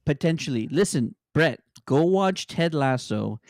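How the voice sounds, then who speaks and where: A man's voice: a little high, lively intonation, unhurried, a little mellow, no room sound, clean studio sound. A man hosting a live podcast, reading out viewers' comments and joking about them.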